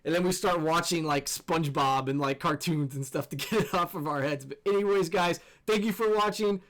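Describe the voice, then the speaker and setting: A young man, host of a gaming channel, telling a scary story in an animated, excitable way and swearing freely. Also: on the high side, brisk. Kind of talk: casual storytelling over gameplay.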